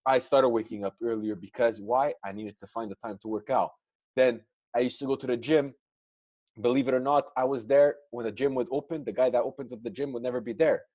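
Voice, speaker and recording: A man speaks earnestly in a relaxed podcast conversation and tells a motivational story about his own effort. His delivery stays sincere and encouraging, and his voice sits in a plain middle register. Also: mid-range voice, brisk. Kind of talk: casual podcast chat.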